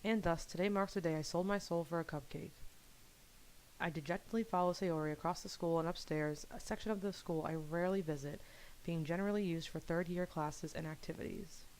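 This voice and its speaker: A woman's voice: fairly low pitch, a little fast, a little mellow, rough recording. A young woman gaming youtuber reading a visual novel aloud in a casual first-person narration, at a desk mic at home.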